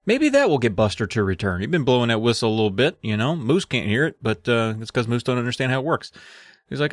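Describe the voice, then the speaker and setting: A man's voice: mid-range voice, sing-song, quick pace, no echo, clean studio sound. A man co-hosting a podcast, telling a story with mock drama and swearing. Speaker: podcast co-host. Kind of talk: casual chat recapping a book.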